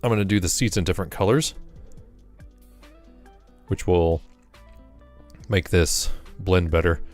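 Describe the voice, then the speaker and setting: A man's voice: deep voice, unhurried, darkish tone, faint music behind. A man chatting casually during a live stream, rambling and correcting himself, a little out of breath after exercise.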